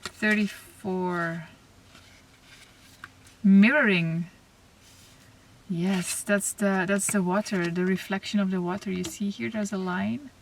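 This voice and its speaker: A woman giving a spiritual oracle card reading to camera, talking softly and reflectively, with pauses and restarts. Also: mid-range voice, steady tone, creaky. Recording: slightly distant mic, faint noise.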